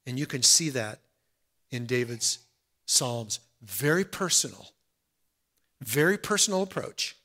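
A man preaching a sermon in an earnest, conversational way, dropping soft and then rising loud. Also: medium pitch, animated, a little slow, pauses often.

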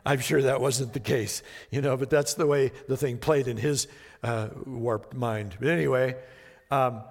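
In a hall with long reverb, a male pastor preaches an expository sermon in a steady, unhurried mid-range voice. He reads scripture with dramatic emphasis and then discusses it conversationally.

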